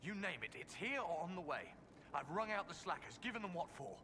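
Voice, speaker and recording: An actor playing a brisk, proud male steward in a video game, formal and wry in manner. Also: sits high, very animated, background noise.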